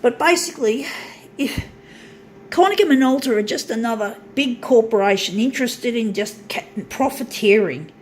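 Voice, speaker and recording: A woman's voice: a little high, animated, normal speed, slight background noise. Swearing woman ranting at home. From southern hemisphere. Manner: swearing, frustrated ranting with frequent restarts. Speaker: vlogger. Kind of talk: casual ranting monologue. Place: small home unit.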